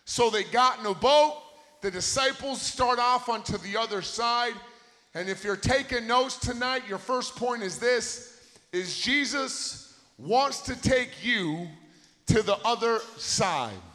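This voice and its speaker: A man with a high voice preaches a sermon in a big hall, and his words ring out with a long echo. He retells a story with growing intensity and repeats his points for emphasis, holding a handheld mic. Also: animated, takes it slowly, bright, forceful tone. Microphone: handheld microphone.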